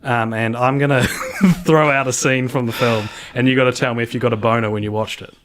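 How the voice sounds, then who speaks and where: A young man co-hosting a casual podcast, talking in a chatty, rambling way. He often laughs partway through his sentences, and his voice sits at an everyday middle pitch. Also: fairly even intonation, fairly quick, a bit bright, slight background noise. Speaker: podcast co-host.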